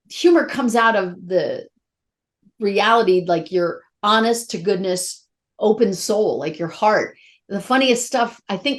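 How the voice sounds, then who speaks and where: Candid, emotional woman telling stories. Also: medium pitch. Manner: candid, emotional, animated storytelling. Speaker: actress guest. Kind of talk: casual interview chat.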